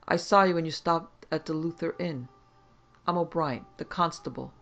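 A man voicing a gruff, suspicious small-town constable around forty who barks blunt questions in rustic grammar. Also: on the high side, moderate pace, fairly bright tone, highs cut off. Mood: gruff questioning.

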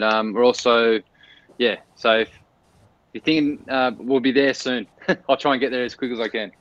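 A man's voice: mid-range voice, fairly bright tone, muffled recording. Laid-back lifeguard man. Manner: laid-back, laughs easily. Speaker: lifeguard guest. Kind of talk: casual chat.

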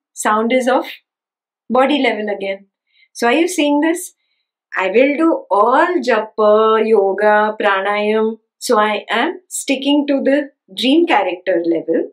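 A slightly high-voiced woman gives a spiritual talk, captured in a rough recording. Repetition and emphasis drive home her key points. She regularly poses rhetorical questions to check that listeners follow.

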